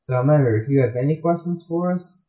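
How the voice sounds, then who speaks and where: A man's voice: a little high, fast, phone-quality sound. A man hosting a kids' radio show, chatting loosely and rambling, with frequent "like"s. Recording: roomy echo.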